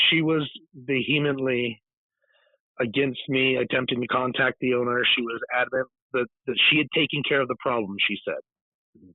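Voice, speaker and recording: This medium-pitched male voice comes through with no room sound on a tinny, phone-like connection. The speaker, a paranormal investigator and author from California, is a guest in an easygoing interview. His long story rambles, drifts off topic, and keeps starting over.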